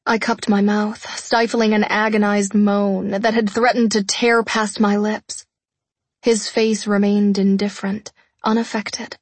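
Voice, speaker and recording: A young woman narrating a first-person romance audiobook in a soft, hushed, intimate voice, often close to a whisper. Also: mid-range voice, little pitch movement, slow, slightly rough, no room sound.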